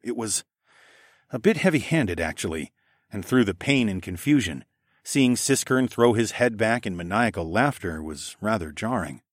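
A man's voice: on the low side, expressive, moderate pace, no echo, studio quality. A man narrating a first-person fantasy audiobook expressively, acting out the dialogue.

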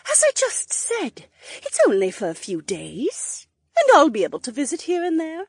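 A woman's voice: normal speed, dry recording, studio quality, heavily acted. A woman reading an audiobook's dialogue, voicing several characters with wide swings in her voice. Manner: expressive, shifts pitch widely between characters.

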